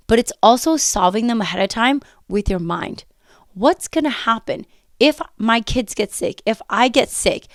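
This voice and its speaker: A woman's voice: medium pitch, no echo, clean studio sound. A woman hosting a motivational podcast as a coach, talking emphatically with lots of repetition, her voice a bit worn from a recent illness. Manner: energetic, emphatic, talks with repetition and quoted self-talk. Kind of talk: casual motivational podcast talk. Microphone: close podcast mic.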